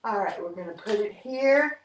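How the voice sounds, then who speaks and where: A woman's voice: mid-range voice, lively intonation, normal speed. A woman, hosting a live workout stream, counting reps between breaths. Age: 60s. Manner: breathless, upbeat counting with whoops. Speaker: fitness vlog host. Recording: echoey room, mic at a distance.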